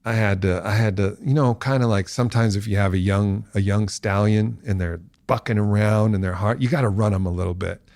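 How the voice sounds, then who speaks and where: A man's voice: on the low side, steady tone, brisk, hardly any pauses, darkish tone, no room sound. A man as a podcast guest, telling a long story and acting out the voices of people he quotes.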